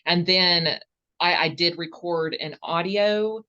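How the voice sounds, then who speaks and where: A woman with a fairly low voice and a Southern accent gives casual interview answers as a podcast guest. She speaks slowly and earnestly in a sharp tone, often stopping and restarting her phrases, and the sound is lo-fi.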